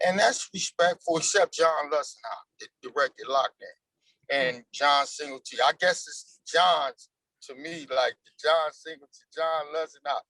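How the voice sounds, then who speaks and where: A man's voice: fairly high pitch, unhurried, sharp tone, no room sound, rough recording. A man in his forties, an actor being interviewed, talking in a loose, slangy and emphatic way. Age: 40s. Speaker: actor guest. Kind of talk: casual interview chat.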